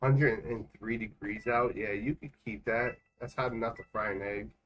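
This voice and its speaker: A man's voice: on the low side, fairly even intonation, a bit bright, lo-fi sound, faint music behind. A man livestreaming a game from home, chatting in a rambling, joking way. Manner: chatty and rambling, quick jokes. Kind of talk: casual gaming livestream chat.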